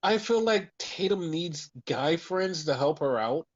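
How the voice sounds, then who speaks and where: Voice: medium pitch, expressive, a little slow, muffled recording. A podcast co-host in casual chat, ranting with heavy swearing and lots of repetition. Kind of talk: casual wrestling review chat.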